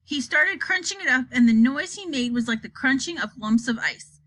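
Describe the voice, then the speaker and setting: A woman narrating a children's novel in a calm, lowered storytelling voice. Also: normal speed. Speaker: audiobook reader.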